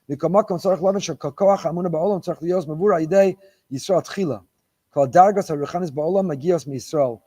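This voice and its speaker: A middle-aged man giving a Torah lecture as a rabbi, his voice sitting a little higher than most men's. He speaks emphatically, driving each point home by repeating key phrases. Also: a little mellow.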